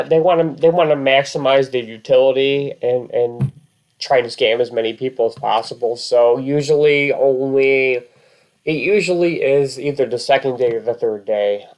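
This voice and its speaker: Man, casual vlog talk, rambling, many fillers and restarts, mid-pitched. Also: darkish tone. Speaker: vlog host.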